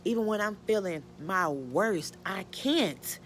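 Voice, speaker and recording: A middle-aged woman from the American South, a mother answering viewer questions in an emotional, halting casual talk full of restarts and "you know". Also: medium pitch, lively intonation, slight background noise. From Georgia, US Southern. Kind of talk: casual Q&A chat.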